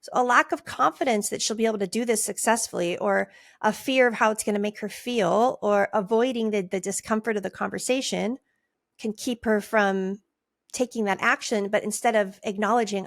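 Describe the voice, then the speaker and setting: A middle-aged woman hosting a coaching podcast, talking conversationally and acting out client replies in a higher voice. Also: steady tone, a little fast, gravelly, no echo. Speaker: podcast host and nurse life coach. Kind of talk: casual podcast teaching. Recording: dry close mic.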